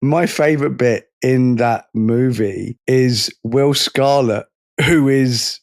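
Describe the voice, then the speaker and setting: A man's voice: medium pitch, slow, a little mellow, no room sound, studio quality. A young man co-hosting a podcast in casual chat, sarcastic, swearing freely and often stumbling over his words. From Britain. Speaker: podcast co-host.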